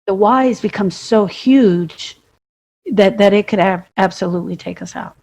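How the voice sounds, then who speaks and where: A woman with a middle-pitched voice co-hosts a conversational podcast. She speaks emphatically, stacking repeated phrases and questions to make her points. Her delivery is reflective but insistent. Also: measured pace, darkish tone. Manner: emphatic, builds points through repetition and questions. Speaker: podcast co-host. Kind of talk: reflective conversation about grief.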